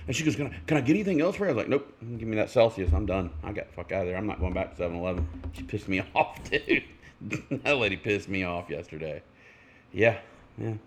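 A man co-hosting a casual podcast, swearing often and acting out people in animated stories. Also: lowish voice, fast, a little hiss or hum. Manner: swears a lot, animated storytelling with voices. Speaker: podcast co-host. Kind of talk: casual chat.

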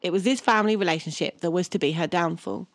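A woman's voice: lowish voice, fast talker, no room sound. Woman reading a history tale, dry sound. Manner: reads from a script, laughs often, unsure of place names. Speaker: podcast co-host. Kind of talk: reading a history story with casual banter.

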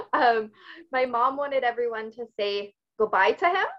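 A woman with a fairly high voice speaks slowly on a lo-fi recording as a guest in a podcast interview. An author and fitness expert, she shares personal stories openly and with lots of animation.

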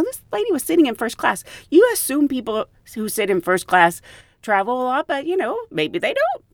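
Woman, flight attendant, animated storyteller, swooping voice, dry close sound. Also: medium pitch, fairly quick, vocal fry, dry recording. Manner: animated, laughs often. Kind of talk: casual storytelling.

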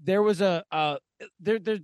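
A man's voice: high-pitched, unhurried, clear, resonant tone, no room sound. A man co-hosting a podcast, telling a casual, profane, rambling story full of "like" fillers. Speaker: podcast co-host.

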